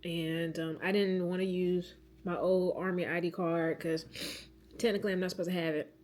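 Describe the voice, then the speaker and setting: A woman's voice: lowish voice, fairly even intonation, normal speed, a little mellow. A woman in her thirties talking candidly to camera in a casual vlog, venting about her week and swearing freely. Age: 30s. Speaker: vlogger.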